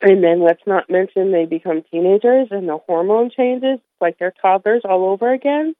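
A woman guest on a radio interview speaks at medium pitch and a moderate pace over a tinny phone line with no echo. She's candid and emotional, holding back tears, yet warm, with some light laughter.

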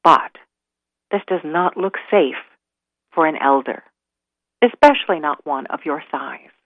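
A woman voicing a cautious, wise owl, talking slowly and earnestly in a lowered voice over a tinny line. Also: expressive, no echo.

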